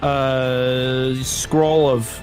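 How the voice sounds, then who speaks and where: A man's voice: mid-range voice, level tone, drawn-out words, a little mellow. Guy rambling through a movie recap on a podcast, jokey, music playing behind. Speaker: podcast co-host. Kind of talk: casual chat.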